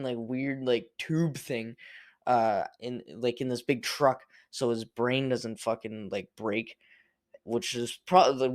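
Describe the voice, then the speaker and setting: A young man talks through a solo podcast in a loose, rambling way. He swears freely and keeps restarting his sentences. His voice sits at an everyday middle pitch, and the recording is dry and close. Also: no echo. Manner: rambling, profane, with many restarts and fillers. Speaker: podcast host. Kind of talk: casual solo podcast rant.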